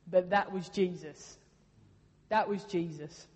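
A woman's voice: on the low side, slow, darkish tone, breathy edge, dull audio. A woman preaching a sermon in a casual, earnest way, repeating her points for emphasis. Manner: earnest, conversational, with emphatic repetition. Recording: long reverb of a hall.

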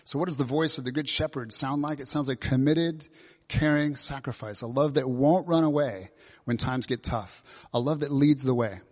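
A man's voice: medium pitch, moderate pace, a little mellow. Man preaching in a reverberant hall. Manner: conversational, asks many questions. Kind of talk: sermon. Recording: long reverb of a large hall.

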